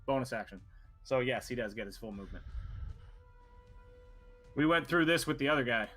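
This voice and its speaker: A man's voice: mid-range voice, expressive, normal speed, bright, forceful tone, soft background music. A man narrating a tabletop game as game master, casual and rambling, cursing freely.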